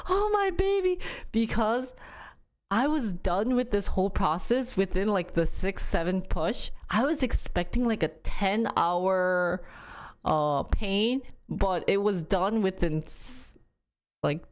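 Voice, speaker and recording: A young woman streamer chatting casually with viewers, telling a story in an animated way and acting out quotes with sudden jumps in pitch. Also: smooth.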